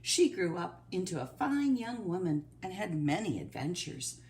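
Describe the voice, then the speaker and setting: A woman reading a picture book aloud to children, slow and expressive. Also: on the low side, slight background noise. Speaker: storyteller.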